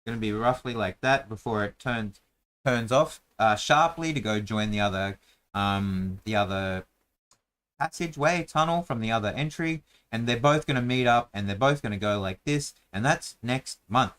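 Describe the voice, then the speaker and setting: A man's voice: mid-range voice, moderate pace, fairly bright tone. A man hosting a casual chat, rambling with many fillers and restarts while he draws a map and rolls dice. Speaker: host drawing a dungeon map.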